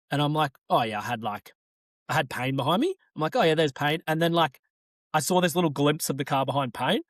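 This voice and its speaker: A man's voice: a little high, fairly bright tone, no room sound, clean studio sound. A man with an Australian accent, a racing driver co-hosting a podcast, telling rambling stories in casual chat with frequent laughs.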